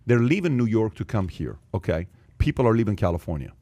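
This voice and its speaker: A man with a fairly low voice hosts a podcast conversation, hammering his points home by repeating them. The sound is dry and close, with no room around it. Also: fast, no echo. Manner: animated, acts out quoted voices, repeats points for emphasis. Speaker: podcast host. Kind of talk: casual studio chat.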